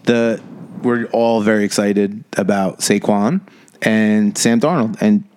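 A man's voice: lowish voice, slow, smooth. A man co-hosting a podcast, chatting casually with jokes and swearing. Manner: joking, profane, animated. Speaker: podcast co-host. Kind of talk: casual chat.

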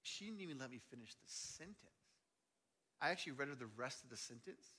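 A man preaching a sermon as a pastor, telling stories animatedly, swinging between loud and hushed delivery. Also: mid-range voice, animated, a little fast, slightly rough. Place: large church auditorium. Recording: long hall reverb.

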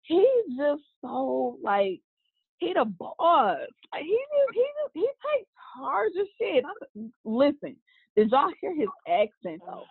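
A woman co-hosting a podcast in casual, animated chat, gushing and swearing freely. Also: high voice, gravelly, husky, no room sound. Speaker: podcast co-host. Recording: tinny phone-like line.

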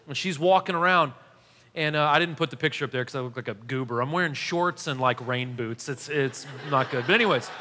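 A male pastor in his thirties preaching a sermon, telling a story with animated, self-deprecating humor. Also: fairly high pitch, slight background noise. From United States. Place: church hall. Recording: long hall reverb.

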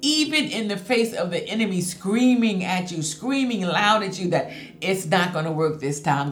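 A woman's voice: medium pitch, animated, normal speed. A woman preaching a sermon, reading scripture and saying hallelujah often. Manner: emphatic preaching, reads scripture, frequent hallelujahs. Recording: echoey room with faint music. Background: faint music.

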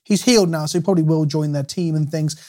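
Fast-talking high-voiced Englishman. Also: warm tone. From England. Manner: chatty, rambling, quick. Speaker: co-host, card game video maker. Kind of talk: casual chat.

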